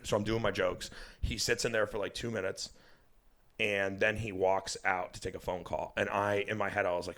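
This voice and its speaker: A man's voice: fairly low pitch, brisk. A young man, a stand-up comedian guest on a podcast, telling a long story in casual chat, swearing freely and acting out what people said. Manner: animated, swears a lot, acts out quoted dialogue.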